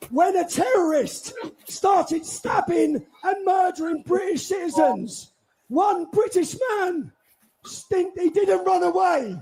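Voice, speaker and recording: A man giving a forceful, indignant speech to a crowd at an outdoor street rally. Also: very high-pitched, lively intonation. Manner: forceful, indignant, drawn-out delivery. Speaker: rally speaker.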